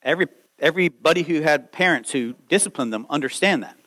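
A man in his late thirties preaching a sermon, lively and conversational, acting out quoted voices as he goes. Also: on the high side, fast talker, low-quality recording. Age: 30s. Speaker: pastor.

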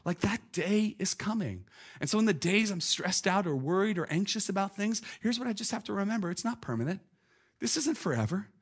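A man in his thirties, a pastor preaching a conversational, lively sermon full of "like" and "listen". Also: high voice, brisk, breathy edge. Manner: conversational, animated, peppered with "like" and "listen".

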